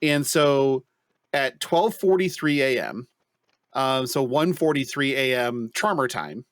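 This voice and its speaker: A man co-hosting a podcast, telling a story in casual chat with animated, profane delivery. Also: mid-range voice, takes it slowly, no echo. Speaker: podcast co-host.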